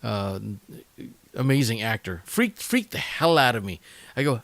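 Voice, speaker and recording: Male podcast host, mid-range voice, halting and chatty delivery, dry recording. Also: medium pitch, big pitch swings, a bit bright, no echo. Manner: halting, many fillers and restarts; chatty and enthusiastic. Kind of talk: casual solo podcast talk.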